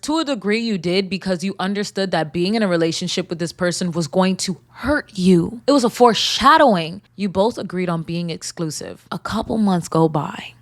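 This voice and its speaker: Podcast host reading and reacting loudly. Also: female voice, lowish voice. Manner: animated, swings between reading and loud outbursts. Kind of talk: reading a listener submission and reacting.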